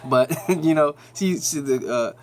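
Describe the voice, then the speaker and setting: A man's voice: a little high, a little slow, a little mellow. A man hosting a nerd news channel, giving a casual, slangy, rambling recap of a TV episode with lots of fillers.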